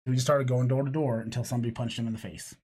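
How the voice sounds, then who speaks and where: A man's voice: mid-range voice, fairly even intonation, racing, dark tone, husky. A man co-hosting a casual podcast, rambling through jokes and tangents and laughing often. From lived in Florida. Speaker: podcast co-host. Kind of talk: casual chat.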